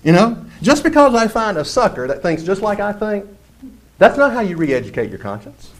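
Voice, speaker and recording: A man preaching a sermon in a high voice that leaps up and down through each phrase. He is animated and slips into mocking impressions of churchgoers. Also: normal speed.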